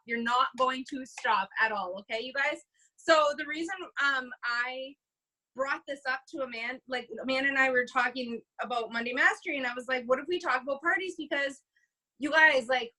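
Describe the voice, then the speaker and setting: A young woman on a video call, sharing sales tips in an emphatic, animated way, full of fillers like "you guys". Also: sits high, poor audio. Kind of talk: animated motivational talk. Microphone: computer mic on a video call.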